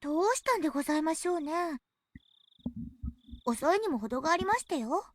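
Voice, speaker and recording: A prim, politely fussy young girl from an anime game. Her voice is very high and brisk, recorded close and dry. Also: very animated, no room sound. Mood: puzzled. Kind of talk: Japanese game voice acting.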